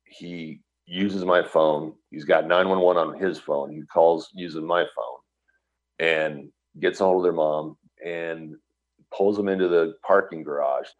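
A man with an extremely deep, low voice tells a personal story in an earnest, conversational way. He brings the scene to life by acting out the lines people said. The recording sounds slightly dull and lo-fi. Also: steady tone, measured pace. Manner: earnest, vivid retelling full of quoted dialogue. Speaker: guest telling a personal story.

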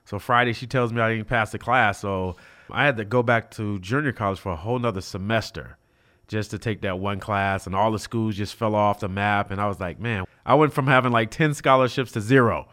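A man's voice: fairly low pitch, brisk. A middle-aged man from South Central Los Angeles, a former college football player, telling stories in a casual interview. He acts out the dialogue and fills his speech with "you know.". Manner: animated, acts out quoted dialogue, many fillers like "you know".

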